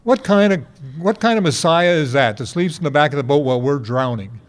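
Preaching to a congregation, a man in his eighties tells folksy stories and poses rhetorical questions. His voice is on the high side, expressive and brisk.

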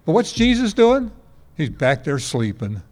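A man's voice: fairly high pitch, wildly swooping pitch, unhurried, darkish tone. A man in his eighties preaching a sermon to a congregation, telling folksy stories and asking rhetorical questions. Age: 80s. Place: before a congregation.

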